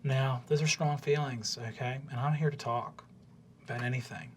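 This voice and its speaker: A man voicing an earnest, soft-spoken small gnome counselor in a tabletop game, asking gentle questions. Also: medium pitch, fairly even intonation, moderate pace, a little hiss or hum, natural voice.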